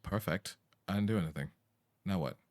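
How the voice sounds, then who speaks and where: Male game streamer, deep-ish casual voice, swears freely, desk mic, faint background noise. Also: a little fast, darkish tone. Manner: casual, sweary, reads game text aloud. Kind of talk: live game-stream commentary.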